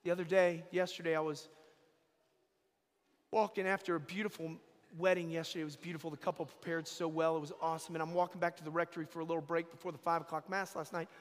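A man's voice: on the high side, flat delivery, quick pace. A man, a priest, giving a sermon in a church, telling stories emphatically and repeating key phrases. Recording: long echo of a church hall.

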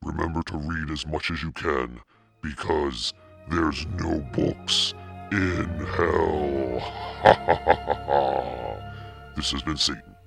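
A man voicing Satan as a demonic podcast narrator, reading a spooky children's story in a slow, menacing drawl with a husky, gravelly voice. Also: music in the background, heavily acted. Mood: amused. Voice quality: extremely deep, gravelly and husky. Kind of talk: scripted narration.

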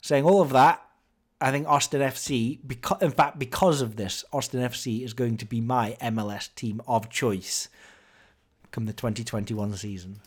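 A man hosts a casual podcast in a mock-solemn, sarcastic tone. His pitch sits in an ordinary mid range, and he slips in and out of sung football chants. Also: moderate pace, breathy edge. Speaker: podcast host.

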